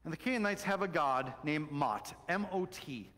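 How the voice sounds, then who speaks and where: A middle-aged man preaching a sermon as pastor, telling stories animatedly and swinging between loud excitement and soft, hushed moments. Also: on the high side, normal speed. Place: church sanctuary. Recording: long church reverb.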